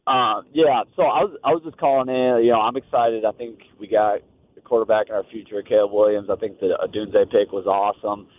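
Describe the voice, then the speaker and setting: A man calls in to a radio show from his car and asks his questions in a calm, measured way. His lowish voice comes through a narrow, phone-like line. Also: dry recording. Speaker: caller. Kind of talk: call-in chat.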